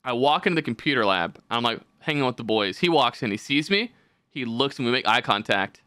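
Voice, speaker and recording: Male podcast host, casual and profane, rambling anecdotes, bright tone, dry close sound. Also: mid-range voice, expressive, fairly quick, no room sound. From California.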